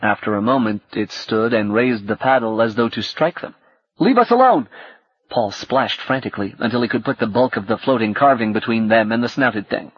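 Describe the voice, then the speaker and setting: A man narrating an audiobook in a calm, steady reading manner. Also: fairly low pitch, fairly quick, hardly any pauses, slightly rough, no echo. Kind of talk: scripted narration. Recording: dull, dry cassette audiobook.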